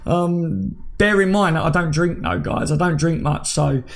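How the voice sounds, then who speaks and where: A man in his thirties with a slightly high, gravelly voice runs a casual live stream at an unhurried pace. Chatty and loose, he treats viewers like mates, bantering with them by name as he reads their comments aloud.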